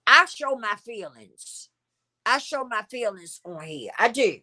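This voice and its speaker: Middle-aged woman, bright tone, candid emotional vlog host who repeats herself for emphasis. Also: a little high, lively intonation, a little slow, slight background noise. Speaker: channel host. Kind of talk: heartfelt personal vlog talk.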